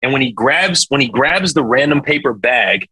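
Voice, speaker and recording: A young man, a singer, talking as a guest in a casual interview, telling a story in an animated, slangy way with sound effects. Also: mid-range voice, normal speed, husky, poor audio.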